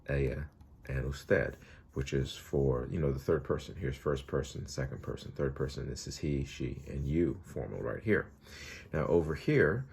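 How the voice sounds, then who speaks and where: Very deep-voiced man teaching Spanish. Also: gravelly, slightly rough. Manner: relaxed, chatty explaining with fillers. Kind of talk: recorded online lesson.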